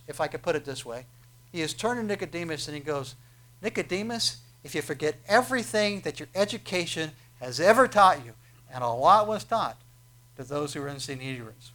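A man's voice: fairly high pitch, a bit bright. A man preaching a sermon, explaining scripture with frequent "uh" fillers and emphatic, rising quotes. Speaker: pastor.

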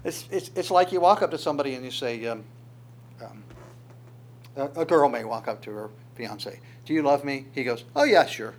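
A man preaching an expository sermon in a conversational, searching way, with quick asides. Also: mid-range voice, expressive.

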